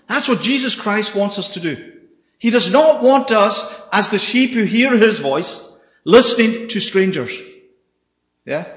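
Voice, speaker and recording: A man preaching a sermon with emphasis, often checking in with his listeners by asking "Yeah?". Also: a little high. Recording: echoey hall, dull sound.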